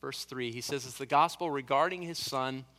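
A man's voice: medium pitch, normal speed, fairly bright tone, long reverb tail. A man preaching a sermon as pastor, earnest and emphatic, building on repeated phrases.

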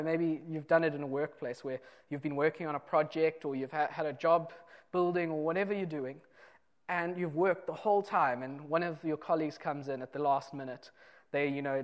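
A man's voice: on the high side, brisk. Earnest man preaching a sermon. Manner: earnest, explanatory, shifts between loud and soft emphasis.

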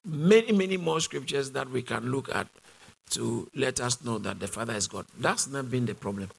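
A man's voice: mid-range voice, moderate pace, creaky, slightly rough. A man with a British accent teaching a sermon, driving his points home through repetition and call-and-response questions to the congregation. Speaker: Bible teacher.

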